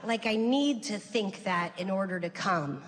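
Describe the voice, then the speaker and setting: A woman comedian performs stand-up in a big room, speaking a little slowly with dry, casual, deadpan storytelling. She switches to sudden high-pitched voices when quoting people. Heavy background noise and long hall reverb wash over the live recording, along with faint ambience.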